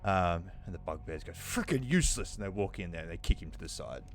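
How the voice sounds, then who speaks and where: Deep-voiced man running a tabletop game. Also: quick pace, soft background music. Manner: loose, hesitant narration with many fillers. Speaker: dungeon master.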